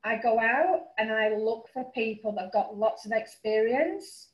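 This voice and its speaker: A woman's voice: a little high, lively intonation. A middle-aged woman with a Yorkshire accent, a finance broker talking casually about her background, with frequent ums. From northern England. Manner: chatty, frequent um fillers, quick asides. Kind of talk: casual webinar presentation. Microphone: video call. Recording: roomy, dull lo-fi call audio.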